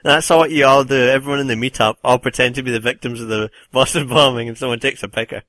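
A man's voice: mid-range voice, steady tone, fast talker, a bit bright, no room sound. A man co-hosting a casual podcast chat, laughing often and making provocative jokes. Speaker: podcast co-host.

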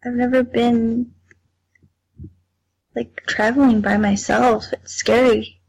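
Woman guest, slightly high husky voice, hesitant and anxious, dry close mic. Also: level tone, slow, a little mellow, no echo. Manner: hesitant, anxious, groaning sighs. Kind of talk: casual chat.

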